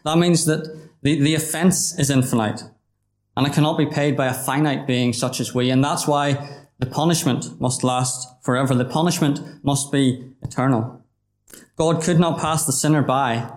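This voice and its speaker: A man's voice: medium pitch, steady tone, moderate pace. A man preaching a gospel sermon, earnest and pleading, speaking directly to the listener as "my friend". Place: gospel hall. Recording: roomy hall echo.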